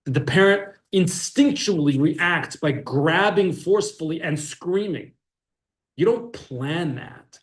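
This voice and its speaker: A man teaching a class, acting out little scenes in an animated way. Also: fairly high pitch, slow pace. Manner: animated, acts out scenes with shifts of voice. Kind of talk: lively class lecture with acted voices. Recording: echoey room.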